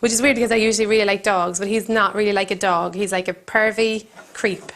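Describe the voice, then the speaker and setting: A woman comedian with a Cork accent hosting a comedy cooking show, telling rambling deadpan stories with giggles in between. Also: medium pitch, quick pace, noisy background. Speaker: comedian host. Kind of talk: deadpan comic monologue. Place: country kitchen.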